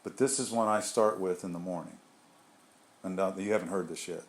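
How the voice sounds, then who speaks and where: A man's voice: low-pitched, fairly quick. Rambling man leading a spiritual group. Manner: rambling, conversational, with restarts and asides. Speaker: group leader. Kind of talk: informal spiritual talk to a group.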